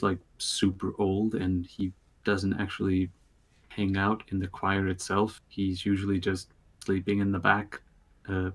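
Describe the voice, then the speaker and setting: A man narrating a tabletop game as game master, pausing often with fillers and restarting his sentences. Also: low-pitched. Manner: halting, lots of filler words and restarts.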